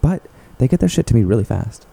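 A man's voice: mid-range voice, sing-song, quick pace, creaky, warm tone, breathy edge. A young man co-hosting a casual chat, joking and rambling in a loose, irreverent way. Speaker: podcast co-host.

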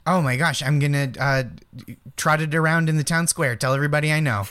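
A man's voice: a little high, steady tone, a little fast, fairly bright tone, clean tone. A man from Massachusetts with a New England accent, an eager, self-deprecating comedian chatting as a guest. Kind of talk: casual chat.

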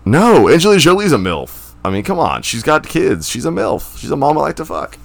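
A man co-hosting a podcast in casual chat, excitable and profane. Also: on the high side, fairly quick, gravelly. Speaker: podcast co-host.

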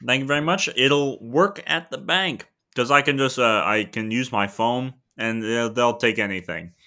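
A man playing a smug, shady dealer in an improv comedy podcast, haggling smoothly. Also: medium pitch, moderate pace, bright, forceful tone.

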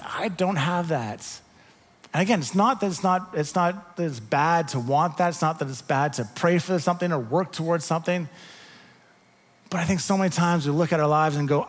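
A man preaching a sermon, animated when telling the story and dropping to soft, quiet tones. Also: fairly high pitch, big-room sound. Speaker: pastor.

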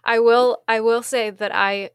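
A woman's voice: a little high, fairly even intonation, unhurried, smooth, no echo, clean studio sound. A woman hosting a podcast, upbeat and encouraging with her guest. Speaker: podcast host. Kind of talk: casual podcast interview.

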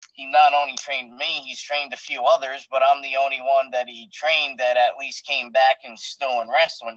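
A man's voice: mid-range voice, a bit bright, no echo, lo-fi sound. A man who wrestles professionally tells stories in a casual interview, bluntly, with lots of fillers and restarts.

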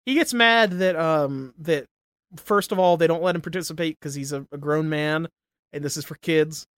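A man's voice: on the high side, moderate pace, no echo. Swearing young man ranting in dry sound. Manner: animated ranting, heavy swearing, laughs often. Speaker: podcast co-host. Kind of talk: casual profane chat.

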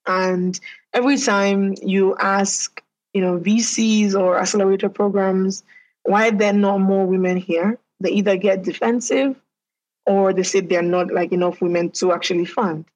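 A woman from Nigeria, an entrepreneur, speaking as a podcast guest in a measured, thoughtful way. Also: mid-range voice, fairly even intonation, a little mellow, low-quality recording. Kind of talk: casual interview.

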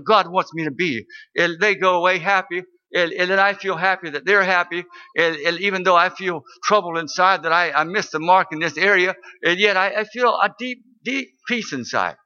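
A man's voice: sits high, normal speed, few pauses, pushed and bright. An older man, a minister, telling a story in a sermon with earnest, sometimes fervent delivery. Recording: dull lo-fi recording.

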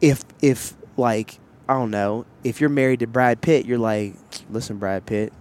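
A man's voice: medium pitch, measured pace, darkish tone. Candid rambling man on a headset mic. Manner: candid, rambling storytelling with many fillers and asides. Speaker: podcast host. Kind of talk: casual chat. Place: outdoors in public, wearing headsets.

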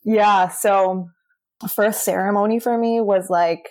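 A woman's voice: medium pitch, moderate pace, warm tone. A young adult woman telling her personal story as a guest in an interview, earnest and chatty, often saying "like".

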